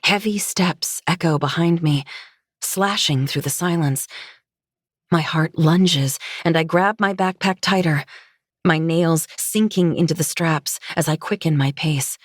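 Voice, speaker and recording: Female narrator, low voice, dry close-mic first-person audiobook read. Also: unhurried, no echo.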